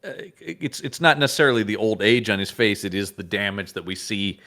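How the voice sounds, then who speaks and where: A man with a lower-pitched but bright, forceful voice co-hosts a casual comic book chat. His pitch swings widely as he jokes, restarts sentences and laughs. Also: a little fast. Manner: animated, laughs often, frequent restarts. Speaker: podcast co-host.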